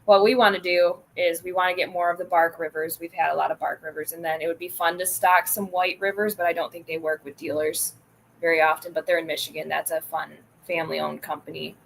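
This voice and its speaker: A woman co-hosting from a knife shop, chatty and quick in casual conversation. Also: lowish voice, little pitch movement, vocal fry, a little hiss or hum. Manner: chatty, quick, laughs easily. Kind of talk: casual chat.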